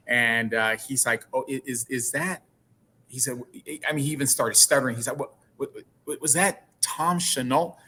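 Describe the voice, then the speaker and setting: A man's voice: medium pitch, pushed and bright. A man speaking as a guest in a casual interview, earnest and often repeating and restarting his words.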